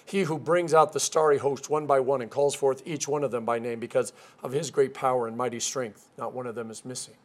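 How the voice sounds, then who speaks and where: A man's voice: mid-range voice, fairly even intonation, fairly quick, hardly any pauses. A man preaching a conversational sermon, mixing scripture with humorous asides.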